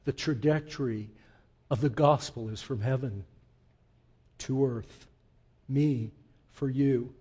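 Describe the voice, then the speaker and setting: A male pastor preaching a sermon, swinging from hushed, slow passages to loud, emphatic declarations in a church. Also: mid-range voice, slightly rough.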